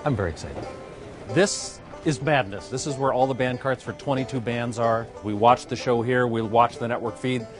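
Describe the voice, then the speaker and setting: A man walks through a backstage area giving a playful, joking video blog tour. He points things out as he goes, in a casual manner. Guitar music plays clearly behind him. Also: mid-range voice, moderate pace. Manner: playful, jokey, pointing things out while walking. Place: backstage at an awards show venue.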